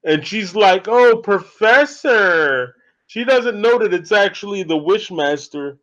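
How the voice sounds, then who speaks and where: A man in his thirties casually recapping a horror movie as an excitable, laughing storyteller, in a dull lo-fi recording. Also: sits high, normal speed. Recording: dull lo-fi audio.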